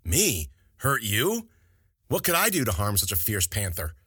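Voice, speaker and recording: A man's voice: lowish voice, huge pitch swings, a little slow, sharp tone, breathy edge, no echo, studio quality, exaggerated voice. A man voicing an old, good-humored general who talks in a mocking, amused way in an audiobook story. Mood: coaxing. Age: older.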